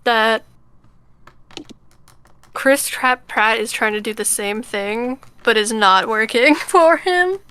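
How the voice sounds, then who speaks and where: A woman's voice: a little high, slow pace, long pauses, sharp tone, clear, resonant tone. A woman co-hosting a casual streamed podcast, hesitant and trailing off with fillers. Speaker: podcast co-host. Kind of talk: casual chat.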